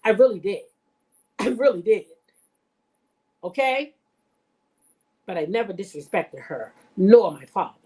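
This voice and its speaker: In an unhurried, mellow, expressive mid-range voice broken by long pauses, a woman vlogger reacts to reality TV. She addresses her viewers head-on, telling stories and commenting with blunt, emphatic profanity.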